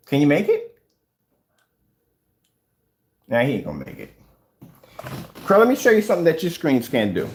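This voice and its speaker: A fifties-aged DIY projector screen paint vlogger, at home showing his screen, fires back in a confrontational video, goading a rival over and over to back up his claims. His pitch swoops wildly, shooting high on each repeated challenge, while he talks quickly, pauses often, and stays mocking and needling. The voice is a little mellow, with a faint hiss or hum.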